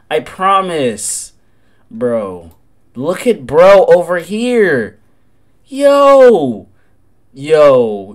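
A young man giving excitable, slangy live commentary on a game, with loud outbursts. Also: on the high side. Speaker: gaming creator.

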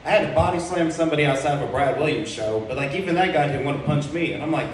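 A young man on a comedy club stage, talking in a rambling, crude, self-mocking way with a slightly higher voice than most men. The sound bounces heavily around the room and is picked up from a distance, with faint ambience underneath. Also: racing, slight background noise. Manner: rambling, filler-heavy, crude and self-deprecating. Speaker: stand-up comedian. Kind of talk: stand-up comedy set. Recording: very echoey club room heard from far off.

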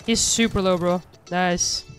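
Hosting her gaming channel, a woman delivers excitable, exclamatory commentary directly to viewers over gameplay. Her voice is lowish and her pace measured, with faint music in the background.

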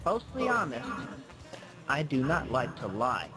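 A man narrating his own video in a scripted, earnest and plaintive way, speaking deliberately. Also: medium pitch, huge pitch swings. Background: music.

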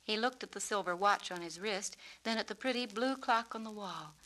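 A woman, the author, reading her own storybook in a clear, measured, descriptive way. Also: mid-range voice, bright, forceful tone, rough recording. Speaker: author and narrator. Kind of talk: storybook narration.

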